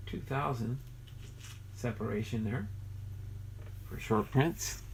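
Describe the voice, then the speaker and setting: A man's voice: medium pitch, gravelly, slight background noise. A man casually talking through a box of cards, thinking aloud and muttering as he sorts them. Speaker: card collector vlogger. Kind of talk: casual unboxing commentary.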